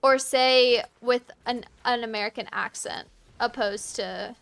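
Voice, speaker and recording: A high-pitched woman with a Virginian Southern drawl chats her way through a live game stream. Her voice is smooth and clear, and her talk rambles along with lots of "like"s and little laughs. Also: steady tone, fairly bright tone. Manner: chatty and rambling, with frequent "like" and quick laughs. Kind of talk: casual live-stream chat while gaming.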